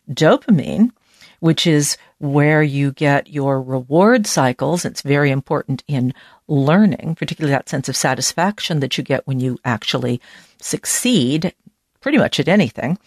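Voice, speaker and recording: A woman with a low, grounded voice hosts a health podcast as a doctor. She explains research in a chatty, folksy manner, with casual asides along the way. The sound is dry and close, with no room around it. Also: darkish tone, dry recording. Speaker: host, medical doctor. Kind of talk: scripted health podcast talk.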